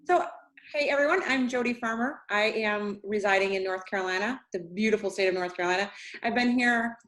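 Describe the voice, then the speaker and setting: An excited woman from upstate New York shares business advice in a casual group video chat. She sounds upbeat and encouraging. Her voice sits in a middle range. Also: medium pitch, fairly quick. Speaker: sales consultant, host.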